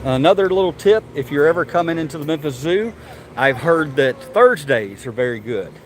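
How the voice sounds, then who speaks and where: A man's voice: fairly high pitch, lively intonation, moderate pace, a little hiss or hum. A man, chatting casually to viewers and to the animals while walking outdoors with a handheld phone camera. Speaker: vlogger. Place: outdoors at a zoo.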